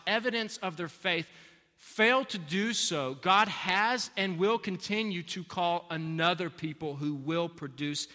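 A man's voice: high-pitched, sharp tone. Preaching man in a reverberant church. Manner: earnest preaching, repeats key phrases for emphasis. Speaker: pastor. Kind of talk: sermon. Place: church sanctuary. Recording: long reverb of a large hall.

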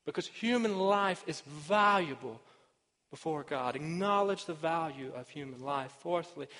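A man preaching a sermon as pastor, earnest, repeating each point and swinging between emphatic and hushed delivery. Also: a little high, expressive, a little slow, in a large hall. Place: church sanctuary.

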